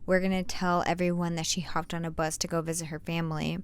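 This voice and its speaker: A woman quoting a pushy male teacher in a low, muttered, offhand voice. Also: level tone, fast talker, clear, resonant tone, lightly acted.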